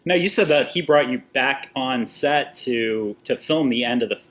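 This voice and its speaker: A man hosting a podcast interview in a small theatre, asking measured follow-up questions. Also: mid-range voice, a bit bright. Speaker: podcast host.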